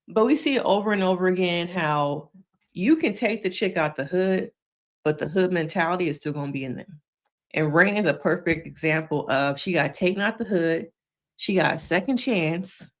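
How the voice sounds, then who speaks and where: An opinionated woman gives loose live commentary on a TV season. She has a slightly low voice and keeps checking in with the listener. Her delivery is chatty and frank. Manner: opinionated, chatty, says "okay?" often. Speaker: therapist reviewing TV shows.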